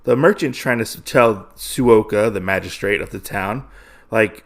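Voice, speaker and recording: A man's voice: lowish voice, creaky. A man hosting a podcast, recapping a comic book in a casual, rambling way, full of fillers and restarts. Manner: acts out characters' lines in quick voices. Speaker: podcast host.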